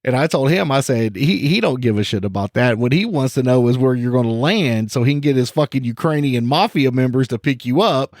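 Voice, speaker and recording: A man's voice: medium pitch, animated, fairly quick, few pauses, a little mellow, no echo, clean studio sound. A man co-hosting a podcast, telling a story in casual chat, profane and joking. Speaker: podcast co-host.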